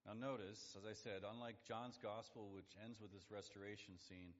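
A man's voice: fairly even intonation, moderate pace. A pastor preaching an expository sermon with emphasis, acting out quoted lines by lifting his voice. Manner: emphatic, acts out quoted lines with rising pitch. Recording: dull lo-fi audio with long hall reverb.

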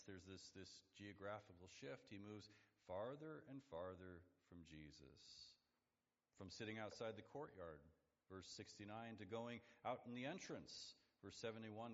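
Low-voiced man preaching in a hall. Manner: emphatic, acts out quoted lines with rising pitch. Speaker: pastor. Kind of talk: expository sermon. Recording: dull lo-fi audio with long hall reverb.

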